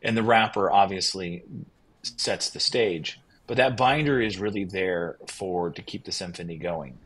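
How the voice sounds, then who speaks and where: A man's voice: sits low, measured pace, husky, poor audio. A man, a winery owner guest on a podcast, telling his story in a casual, enthusiastic, rambling way. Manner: enthusiastic, rambling, quotes others in lively bursts.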